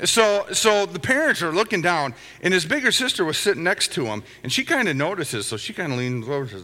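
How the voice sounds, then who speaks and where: A middle-aged man preaches in a relaxed, storytelling way, with little asides and chuckles. His voice is bright and forward. It rings out with a long hall reverb, as in a church sanctuary. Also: a little high, brisk, few pauses. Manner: conversational, anecdotal, chuckling asides. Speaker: pastor. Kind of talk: sermon with storytelling.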